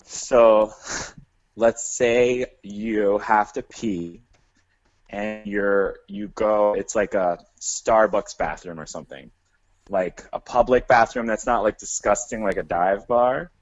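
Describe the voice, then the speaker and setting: A man co-hosting a podcast, chatting in a relaxed way and setting up a hypothetical question. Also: on the low side, slow, no room sound. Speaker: podcast co-host. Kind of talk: casual chat. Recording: dull, dry lo-fi sound.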